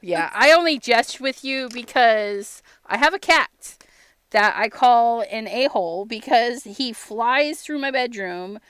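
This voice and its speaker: A woman with a fairly high, animated voice, clear and resonant, hosts a casual crafting livestream at a slow pace with no room sound. She tells stories, laughs often, acts out little quotes, and gives shout-outs to viewers while she crafts.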